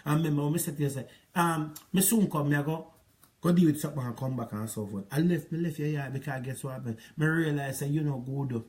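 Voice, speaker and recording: A man's voice: on the high side, fast, a little mellow. A man with a Jamaican accent, ranting at an ex-partner in a rambling, repetitive, scolding monologue. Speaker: relationship advice vlogger.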